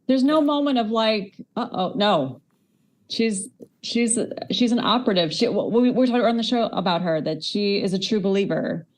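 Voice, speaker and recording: A woman cohosting an online aftershow, speaking with eager enthusiasm. Her talk comes in quick bursts, often restarting words mid-thought. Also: medium pitch, lively intonation. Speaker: podcast cohost. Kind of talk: casual chat.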